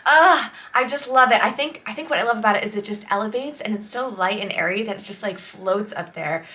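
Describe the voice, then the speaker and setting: A woman's voice: mid-range voice, a little fast, bright, forceful tone. A woman songwriter reacting to an album in casual, enthusiastic commentary, explaining songwriting tips as she goes.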